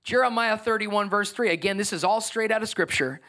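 A middle-aged man preaching a sermon as pastor, conversational and emphatic, swinging from soft to loud. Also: sits high, brisk.

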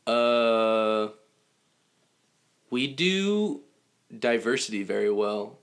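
A man's voice: mid-range voice, sing-song, drawn-out words. A young man co-hosting a casual podcast, playful and self-deprecating as he chats. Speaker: podcast co-host. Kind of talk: casual chat.

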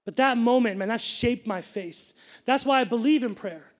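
A young male pastor delivers a sermon built around a personal story, with a fairly high voice. He talks in an animated way and keeps breaking off to address the congregation directly. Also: moderate pace. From grew up Sikh, family from India.

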